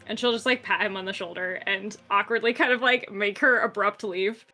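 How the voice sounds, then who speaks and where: A woman describes her character's actions in a tabletop game, chatty and full of fillers. Her voice is bright and of middle pitch. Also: a little fast. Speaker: player.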